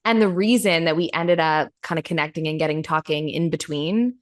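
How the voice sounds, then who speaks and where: Woman podcast host, slightly low voice, animated storyteller who acts out quotes and swears casually. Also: a little fast.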